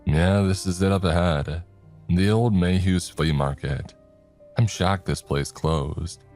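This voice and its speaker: A man's voice: low voice, slow pace, a little mellow, faint music behind. A man doing a wisecracking sarcastic young buddy.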